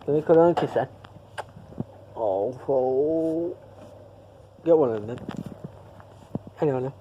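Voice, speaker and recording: A man's voice: mid-range voice, fast talker, muffled recording, slight background noise. A man chatting casually to camera in a vlog, rambling and repeating himself as he loses his thread. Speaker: vlogger.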